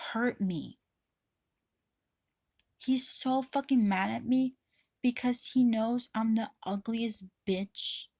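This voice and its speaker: A woman's voice: medium pitch, darkish tone, dry recording, studio quality. A woman vlogger ranting to camera in a rambling way, swearing often and restarting her sentences. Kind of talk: casual rant to camera.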